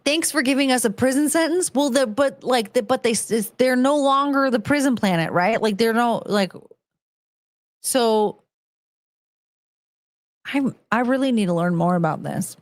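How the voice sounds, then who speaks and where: A woman's voice: fairly high pitch, measured pace, pauses often, no echo. A woman streamer chatting casually and reading viewer messages aloud, rambling and laughing at herself often. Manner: rambling, giggly, self-mocking. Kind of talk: casual live-stream chat.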